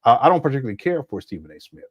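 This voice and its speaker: Man in his fifties, reaction host, blunt and exclamatory, very lively pitch, dry close sound. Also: very fast, breathy edge, no room sound, dull audio. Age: 50s. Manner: blunt, exclamatory, laughs at clips. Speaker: commentary host. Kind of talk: casual reaction commentary.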